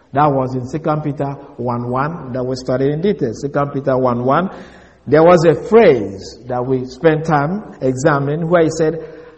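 A man teaching a Bible passage as an expository sermon, speaking deliberately and emphatically and repeating key phrases. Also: on the high side, a little mellow. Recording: long hall reverb.

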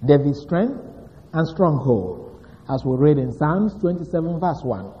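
A man's voice: fairly high pitch, sing-song, unhurried. A male pastor preaching a sermon, stressing single words emphatically. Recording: dull reverberant hall recording.

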